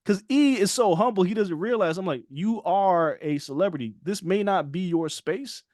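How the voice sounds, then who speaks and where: His voice sits high and moves at a moderate pace, recorded in clean studio sound with no echo. This podcast co-host narrates a story casually and with animation, acting out others' words and often laughing.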